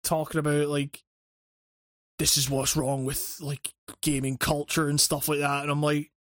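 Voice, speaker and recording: A man's voice: a little high, level tone, moderate pace, fairly bright tone, no room sound, studio quality. A man co-hosting a podcast in casual chat, stammering and agreeing a lot. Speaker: podcast co-host.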